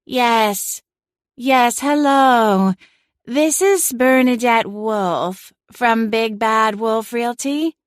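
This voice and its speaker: A woman voicing a sassy, vain talking female cat in an audiobook, imperious and sharp-tongued. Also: on the high side, very slow, dry recording, clean studio sound, pitched above the performer's own voice. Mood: airy put-on. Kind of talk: audiobook character voice.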